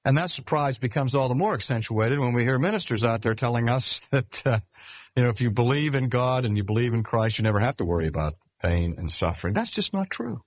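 A man's voice: mid-range voice, animated, dry recording. Older man preaching, dry close sound. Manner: measured, emphatic delivery with slow stressed phrases. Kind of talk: sermon. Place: speaking at a cancer hospital.

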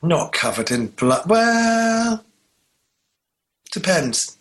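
A man's voice: sits high, sing-song, extremely slow, a bit bright, slight background noise. A man co-hosting a casual chat, telling rambling, jokey stories. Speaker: podcast co-host.

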